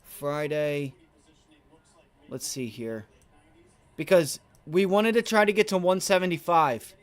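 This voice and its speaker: A man's voice: fairly high pitch, slow, clear, resonant tone. Man cursing through a live trading stream. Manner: profane, exasperated venting at the chart; talks to himself in repeated short phrases. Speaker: live-streaming day trader.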